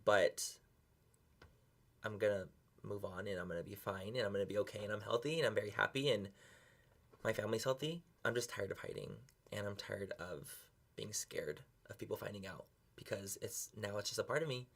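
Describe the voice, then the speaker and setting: A man's voice: on the low side, brisk, vocal fry, fairly bright tone. A young man talking earnestly and emotionally to camera in a confessional vlog, close to tears and swearing casually. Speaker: beauty vlogger.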